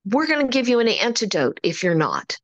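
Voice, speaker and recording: A woman's voice: fairly high pitch, brisk, dry recording, muffled recording. A woman giving an upbeat motivational talk as coach at an online meeting, preaching and acting out quoted conversations. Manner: upbeat, preachy, acts out quotes in animated voices.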